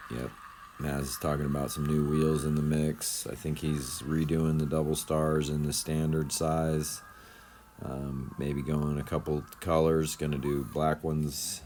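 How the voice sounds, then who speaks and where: Very deep-voiced rambling man narrating. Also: darkish tone, a little hiss or hum. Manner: rambling, laid-back, heavy on fillers like "you know" and "man". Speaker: RC crawler channel host. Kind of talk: casual voice-over commentary.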